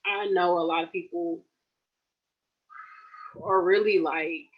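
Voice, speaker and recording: A woman in her late twenties chatting casually and warmly to her livestream viewers, calling them y'all. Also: on the low side, steady tone, takes it slowly, breathy edge, dull audio. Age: late 20s. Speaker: nurse vlogger. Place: at home.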